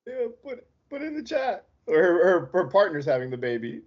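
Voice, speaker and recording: A man's voice: sits high, sing-song, normal speed, lo-fi sound. A man co-hosting a sports podcast, joking and teasing in casual talk. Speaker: podcast co-host.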